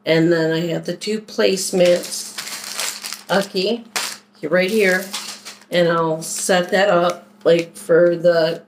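Casual haul vlogger, woman from Philadelphia, slow easygoing delivery, faint hiss behind. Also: fairly low pitch, fairly even intonation, poor audio. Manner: chatty, unhurried, talks while unpacking items. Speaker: vlogger doing a shopping haul. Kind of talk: casual haul video chat.

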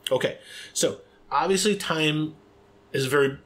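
An American man co-hosting a casual podcast chat, playful and rambling, quick to laugh. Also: a little high, a bit bright. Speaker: podcast co-host.

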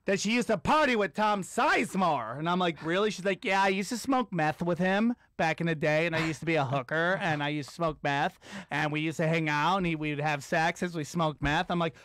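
A man co-hosting a podcast, telling a crude story in casual chat and acting out the quotes, sometimes shouting. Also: on the high side, a little fast, no echo, studio quality. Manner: animated, shouts and acts out quotes. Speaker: podcast co-host. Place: studio.

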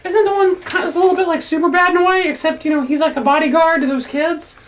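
A man's voice: very high voice, fairly even intonation, quick pace, a bit bright, slight background noise. A man co-hosting a casual movie chat, asking questions and giving dry replies. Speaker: co-host.

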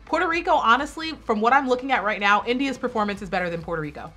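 A woman hosting her own reaction video, giving animated, sassy running commentary with bursts of excited exclamation. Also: mid-range voice, fast talker, few pauses, soft background music. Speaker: pageant reaction video host.

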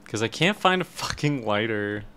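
A man's voice: lowish voice, expressive, normal speed, sharp tone, slight background noise. A man streaming a horror game live, commentating and swearing, yelping when startled.

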